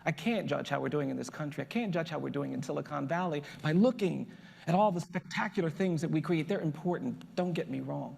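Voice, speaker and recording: Gravelly man, slightly high voice, emphatic speaker, long hall reverb. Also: fairly quick, darkish tone. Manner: emphatic, building repetition. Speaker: lawyer and public speaker. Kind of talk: motivational speech.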